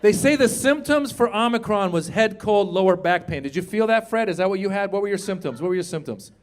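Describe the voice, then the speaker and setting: A man in his fifties performing a stand-up comedy set on a club stage, chatting with the crowd and jumping into loud put-on voices. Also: sits high, expressive, fairly quick. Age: 50s.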